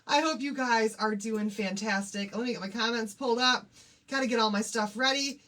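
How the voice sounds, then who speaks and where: A fairly high-voiced woman hosts a casual craft livestream. She is bubbly and chatty, greeting her viewers one by one as she gets her supplies ready. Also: moderate pace, fairly bright tone.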